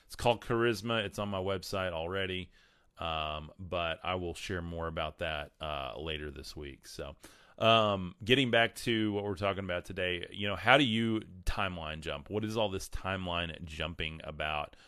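A man giving a casual spiritual talk to his viewers, rambling with repeated words and many ums, slowing down for emphasis. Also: low voice, sharp tone, smooth, dry recording, studio quality. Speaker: spiritual teacher.

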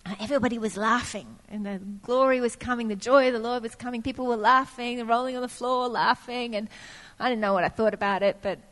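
A woman's voice: on the high side, steady tone, fast talker, hardly any pauses, a bit bright, in a large hall. A woman preaching a sermon, telling a personal story and acting out what her younger self said.

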